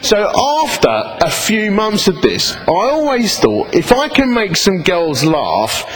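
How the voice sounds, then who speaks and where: Animated Essex man telling his testimony. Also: sits high, takes it slowly, rough recording. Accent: Essex English. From England. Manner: lively comic storytelling, acts out both sides of dialogue. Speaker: speaker giving his testimony. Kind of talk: humorous personal testimony to an audience.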